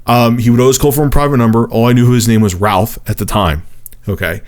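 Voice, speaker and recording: A man in his thirties telling a personal story to camera as a vlogger, in a profane, animated way. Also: mid-range voice, quick pace.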